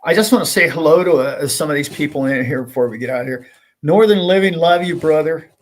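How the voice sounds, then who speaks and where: A man's voice: fairly high pitch, quick pace. A man hosting a livestream, chatting casually and greeting viewers, rambling and friendly with lots of filler words. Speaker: livestream host.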